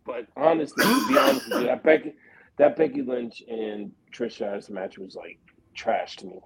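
A man co-hosting a podcast, giving blunt, animated opinions in casual chat. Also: fairly high pitch, normal speed, gravelly, a crowd in the background, poor audio. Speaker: podcast co-host.

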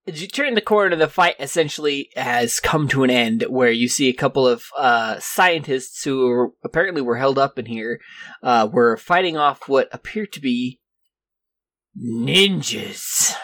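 A man's voice: medium pitch, animated, measured pace, fairly bright tone, no echo. A man running a tabletop game as game master, describing scenes in a loose way with many fillers.

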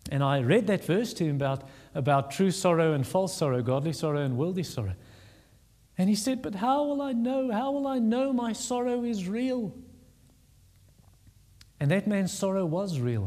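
A pastor preaching a sermon, earnest and emphatic, repeating words for stress. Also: male voice, on the high side, a little mellow. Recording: long reverb of a large hall.

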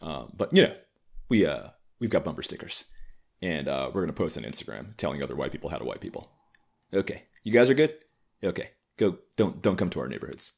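A man's voice: extremely low pitch, big pitch swings, fairly quick, creaky, husky. Sarcastic, rambling young man. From United States. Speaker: solo vlogger. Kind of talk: casual comedic monologue.

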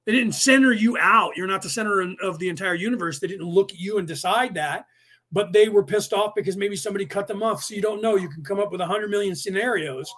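High-voiced rambling man in his fifties. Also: fast, fairly bright tone. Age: 50s. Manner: rambling, with many fillers and restarts; acts out angry drivers in quoted outbursts. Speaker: podcast host. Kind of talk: casual lecture.

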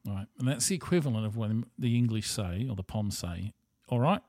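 A man's voice: fairly low pitch, a little fast, dark tone, no echo, clean studio sound. Blunt, rambling Australian man. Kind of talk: casual monologue.

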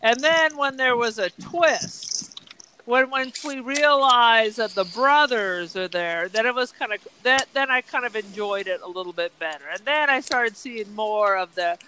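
A woman co-hosting a podcast in casual chat, halting with many restarts and blunt opinions. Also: a little high, sharp tone, slight background noise. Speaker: podcast co-host.

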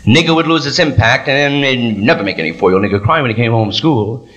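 Bright-voiced man doing stand-up. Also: medium pitch, lively intonation, fast, a little hiss or hum. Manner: rhythmic, provocative listing delivery. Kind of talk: stand-up comedy routine.

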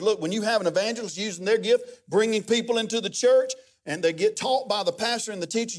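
A middle-aged man preaching as a guest pastor, telling stories in a lively, humorous way. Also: high voice. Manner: animated, humorous storytelling with many restarts. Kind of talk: sermon.

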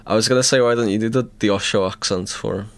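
A man's voice: fairly low pitch, steady tone, fast. A man co-hosting a podcast, laid-back and easygoing, swearing casually while reviewing demos. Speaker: podcast co-host.

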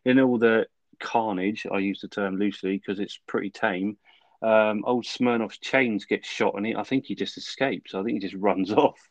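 A man co-hosting a podcast, relaxed and chuckling as he fills in plot details. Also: fairly low pitch, moderate pace, dry recording. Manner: laid-back, chuckling. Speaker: podcast co-host. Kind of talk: casual film review chat.

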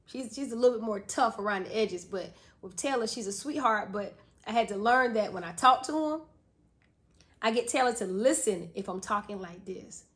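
A woman in her thirties co-hosting a podcast, telling family stories in a casual, animated way and laughing often. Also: mid-range voice, normal speed. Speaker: podcast co-host. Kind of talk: casual chat.

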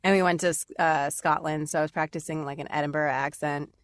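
A woman's voice: low-pitched, fairly even intonation, fairly quick, no room sound, clean studio sound. A woman voice actor chatting casually on a podcast, filling her talk with "like"s and frequent laughs. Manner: chatty, many "like"s, laughs often. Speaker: voice actor and demo writer, guest.

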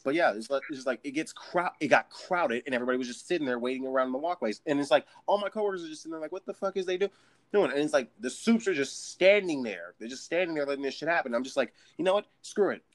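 A man's voice: medium pitch, expressive, racing, few pauses, no room sound. A man who works in a store, telling a long, profane, ranting story about crowds and customers in a casual chat. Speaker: retail store worker. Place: San Jose.

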